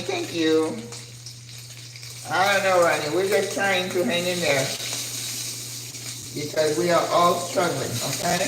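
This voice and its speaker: An older woman hosting a casual cooking livestream, chatting animatedly and answering viewer comments as she cooks. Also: fairly low pitch. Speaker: cooking channel host. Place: home kitchen. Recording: echoey kitchen with frying noise.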